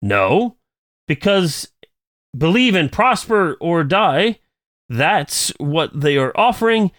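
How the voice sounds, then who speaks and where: Male co-host reading mail, animated pitch, dry booth sound. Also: takes it slowly, dry recording. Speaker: podcast co-host. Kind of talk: reading a listener email aloud, then casual chat.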